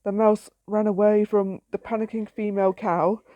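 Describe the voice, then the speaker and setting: A woman's voice: medium pitch, level tone, moderate pace, warm tone, no room sound, dull audio. A woman reading her own story aloud in a plain, simple storytelling way.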